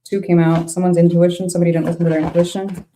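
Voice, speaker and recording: Mellow-voiced woman reading tarot. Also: on the low side, flat delivery, very fast, a little hiss or hum. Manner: thinks aloud, laughs often, frank reactions. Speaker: tarot reader.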